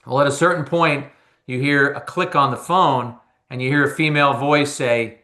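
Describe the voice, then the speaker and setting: A baseball analyst from New Jersey tells a long story in a relaxed interview, speaking in a bright, forceful voice at a middling pitch. His delivery is animated, and he often stumbles and repeats words as he goes. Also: normal speed. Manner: animated anecdote-telling with frequent repeated words. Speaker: baseball analyst and former reporter.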